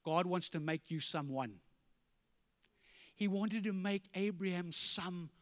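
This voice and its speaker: A pastor preaching an animated sermon, firing rhetorical questions and dropping to quiet emphasis, in a church. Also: male voice, sits high, measured pace, big-room sound.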